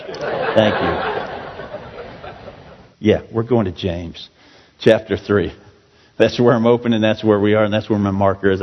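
A man preaching a sermon as pastor, in a loose, conversational way that pokes fun at himself. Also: medium pitch. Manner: conversational, self-joking preaching. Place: church sanctuary. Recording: dull echoey hall recording.

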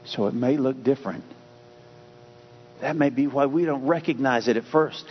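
A man's voice: medium pitch, normal speed. A man preaching a sermon, emphatic and repetitive, shifting the stress from word to word. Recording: dull lo-fi sound with faint hum.

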